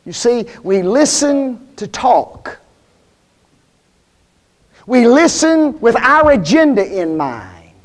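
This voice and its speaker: A male preacher with a high voice that swoops up and down as he talks. He keeps the sermon folksy and plain-spoken and throws question after question at the congregation. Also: very animated, takes it slowly, long pauses. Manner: asks the congregation frequent rhetorical questions.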